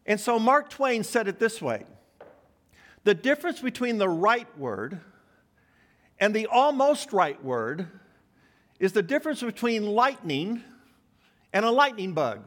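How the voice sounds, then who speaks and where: A male pastor preaching a sermon, with rhetorical questions and words dropped low for emphasis. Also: sing-song, unhurried, pauses often, fairly bright tone.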